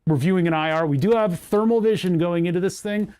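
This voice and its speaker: A man's voice: sits high, fast, mellow, smooth. Rambling, self-mocking man on a livestream. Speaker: livestream host. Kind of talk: casual livestream chat while repairing electronics.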